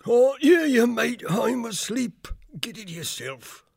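Ball, a high, whiny ferret. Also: male voice, big pitch swings, slow, gravelly, slightly rough, heavily acted. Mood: lazy. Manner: whiny, common-speaking. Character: lazy, cowardly male ferret deckhand. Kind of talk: audiobook character voice.

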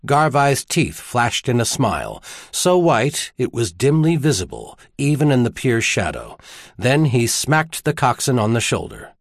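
Man narrating with lively intonation. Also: mid-range voice, measured pace, no echo, studio quality. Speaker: audiobook narrator. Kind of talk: scripted narration.

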